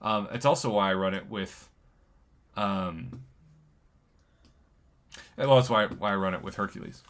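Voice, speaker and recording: A man's voice: on the low side, measured pace, pauses often, fairly bright tone. A man hosting a live game stream, chatting casually and joking while reading viewer comments. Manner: jokey, chatty, reads viewer comments aloud.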